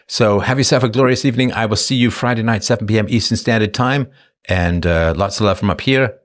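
A man's voice: lowish voice, a little fast. Joking middle-aged man hosting a livestream. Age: 50s. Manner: playful, jokey, slips into silly put-on voices. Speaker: livestream host. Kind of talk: casual livestream chat.

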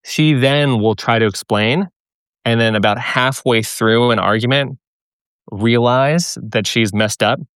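A man's voice: medium pitch, unhurried, fairly bright tone, smooth, dry recording, clean studio sound. A man calling into a talk show, describing things hesitantly with many "like"s and "you know"s. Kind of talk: casual call-in conversation.

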